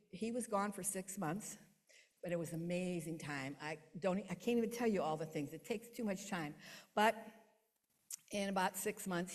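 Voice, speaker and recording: Middle-aged woman sharing her faith story, earnest, goes quiet then loud, big hall reverb. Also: fairly low pitch. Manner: earnest storytelling, swings between hushed and emphatic. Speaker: testimony speaker. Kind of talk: personal faith testimony.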